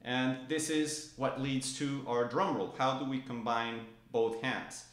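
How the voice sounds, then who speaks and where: Speaking a little slowly in a mid-range, fairly bright voice with fairly even intonation, a man teaches drumming in a room that echoes, faint music behind him. He explains every motion patiently and calls out stroke names in rhythm while playing the drums.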